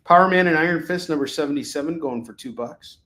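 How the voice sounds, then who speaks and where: A man hosting a live comic sales show, calling prices and boasting jokingly about his pitches. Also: fairly bright tone, roomy sound. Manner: boastful, joking, rapid item calls.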